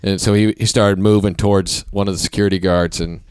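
A man's voice: on the low side, flat delivery, brisk, a little mellow, smooth, no echo, clean studio sound. A man hosting a podcast, telling long, laid-back stories in casual chat. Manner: laid-back, rambling anecdotes.

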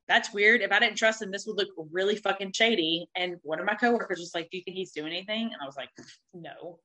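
Woman, thirties, bright tone, animated confessional storyteller who swears freely. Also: on the low side, low-quality recording. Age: 30s. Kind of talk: candid storytelling.

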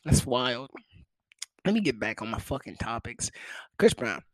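A young man telling a comic story in casual, profane talk, with sudden jumps to high pitch for quoted people. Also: big pitch swings, a little slow, dry recording.

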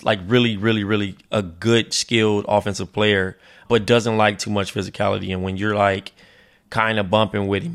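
A male sports analyst speaks in a low, gravelly voice. He is laid-back and blunt, and peppers his points with fillers. This is casual sports talk.

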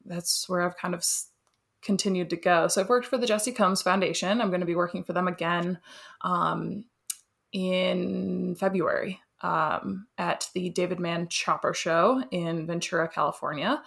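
A woman's voice: lowish voice, fairly even intonation, normal speed, vocal fry, fairly bright tone. A young woman talking as a guest in a casual interview, chatty and enthusiastic, laughing often. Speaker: welder and artist guest.

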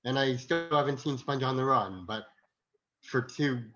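A man as a podcast guest, making short halting remarks. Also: medium pitch, lo-fi sound, over music. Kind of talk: casual podcast chat.

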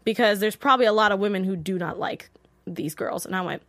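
A woman hosting a casual TV episode recap, chatty and animated, often acting out characters' lines. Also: mid-range voice, fast talker, no echo, clean studio sound. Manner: chatty, peppered with "like". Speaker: host.

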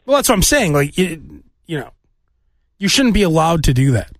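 A man's voice: fairly high pitch, sing-song, a little fast, no room sound, clean studio sound. A man co-hosting a talk show, chatting casually and teasing his partner. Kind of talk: casual chat.

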